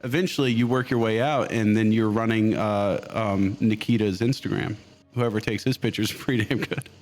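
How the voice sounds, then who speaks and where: A man's voice: fairly low pitch, steady tone, moderate pace, darkish tone, faint music behind. A man in casual interview chat, joking and self-mocking, laughing often. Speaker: guest content creator.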